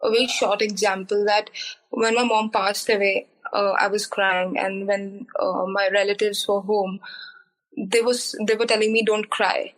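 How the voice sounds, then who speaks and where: A woman's voice: mid-range voice, little pitch movement, moderate pace, fairly bright tone, poor audio. A young woman, a podcast guest, speaking candidly and earnestly with many fillers. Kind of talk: podcast interview.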